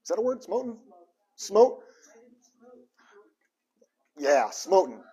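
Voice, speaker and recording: Guy preaching, kinda husky and a bit high, tells bible stories with lots of voices and jokes. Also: slow. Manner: animated storytelling with quoted voices and asides. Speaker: pastor. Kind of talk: sermon.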